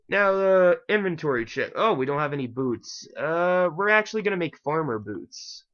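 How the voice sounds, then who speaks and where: A man talks through his game in a loose, rambling way, swearing casually and poking fun at himself. His voice is bright and forward. The recording sounds dull and lo-fi, like a cheap desk mic. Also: on the high side, animated, normal speed. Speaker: gaming channel host. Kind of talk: casual gameplay commentary.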